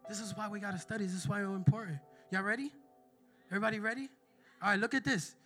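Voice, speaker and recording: A male preacher delivering an emphatic sermon, calling out questions to the congregation and building to loud passages. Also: high-pitched, fairly even intonation, fast, soft background music.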